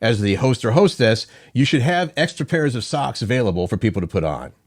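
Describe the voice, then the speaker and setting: A man's voice: medium pitch, lively intonation, a little fast, dry recording, clean studio sound. A man co-hosting a morning show, chatting casually and playfully jumping in with asides. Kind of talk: casual radio chat.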